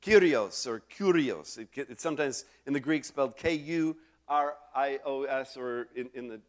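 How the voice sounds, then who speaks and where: A man's voice: medium pitch, normal speed. A middle-aged male pastor preaching a sermon in a conversational way, full of restarts and asides to the congregation.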